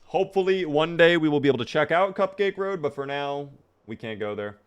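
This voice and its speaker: A man's voice: fairly high pitch, lively intonation, fairly quick, clean tone, lo-fi sound. A man streaming a video game live, chatting upbeat with his viewers as he plays. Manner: upbeat, chatty, talks to himself and chat.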